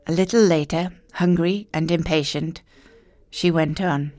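Woman reading a fairy tale aloud, unhurried and expressive, dry close sound. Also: low-pitched, no echo. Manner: slow, expressive, emphatic storytelling. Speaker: storyteller. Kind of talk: children's story narration.

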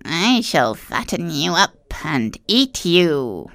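Cruel old storybook witch, drawn-out and dry, voiced by a woman. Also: fairly low pitch, very animated, a bit bright, no echo, exaggerated voice. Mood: menacing.

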